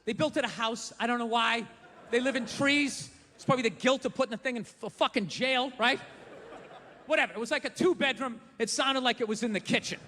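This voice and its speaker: Ranting American comedian, high, bright voice, big-hall reverb. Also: male voice, fairly quick. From USA. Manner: ranting, profane, exasperated. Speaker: stand-up comedian. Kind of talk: stand-up comedy. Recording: large hall reverb, faint room noise.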